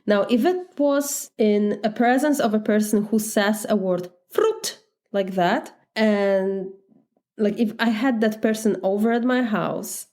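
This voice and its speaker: A woman's voice: medium pitch, darkish tone. A woman with a Polish accent, a life coach speaking in a candid, reflective podcast monologue, laughing lightly now and then. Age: adult, married.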